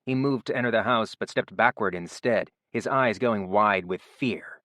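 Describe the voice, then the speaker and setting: Low-voiced male audiobook narrator. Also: normal speed, fairly bright tone, dry recording, clean studio sound. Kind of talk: scripted narration.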